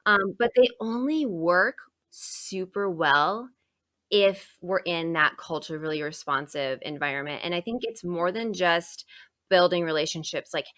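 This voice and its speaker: A woman hosting an interview, talking in a lively, animated way with lots of fillers and restarts. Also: on the low side, unhurried, no echo, clean studio sound. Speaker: podcast host. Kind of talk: casual interview chat.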